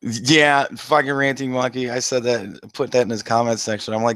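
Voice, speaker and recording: A man's voice: medium pitch, normal speed, gravelly, a bit bright, dry recording. A man hosting a casual call-in livestream, rambling and swearing and restarting his sentences, heard through a headset. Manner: rambling, profane, laughs often, restarts sentences.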